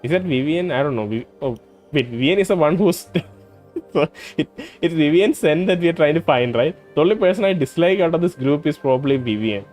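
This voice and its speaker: A man playing a story game and thinking aloud in hesitant commentary, full of pauses and restarts. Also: a little high, animated, a little mellow, soft background music. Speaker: let's play host. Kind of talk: let's play commentary.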